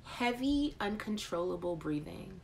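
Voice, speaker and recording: A woman's voice: medium pitch, expressive, a little slow, gravelly, darkish tone, slight background noise. A woman hosting a live chat show, talking casually and joking with viewers, reading their comments and answering with playful, exaggerated outrage. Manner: addresses chat viewers by name. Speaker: host.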